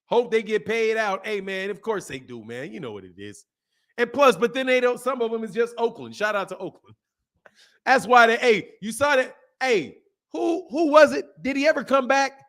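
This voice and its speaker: A man hosting a boxing channel, talking in a casual, opinionated way, animated and laughing often as he answers his chat. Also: extremely high pitch, moderate pace.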